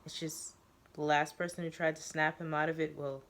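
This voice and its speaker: A woman reading aloud as a cold, sharp-tongued teenage girl patient, in an icy, dismissive manner. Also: sits low, flat delivery, normal speed.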